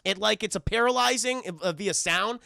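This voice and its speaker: A man with a New York accent giving a rapid, profane, animated film recap to his livestream chat. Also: high voice, gravelly, clear, resonant tone, no echo, studio quality. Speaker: film review streamer.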